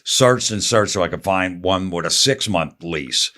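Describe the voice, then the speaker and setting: Man, low-pitched, from new jersey, comedian guest, casual matter-of-fact storyteller, does both sides of dialogue. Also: animated, measured pace, pushed and bright.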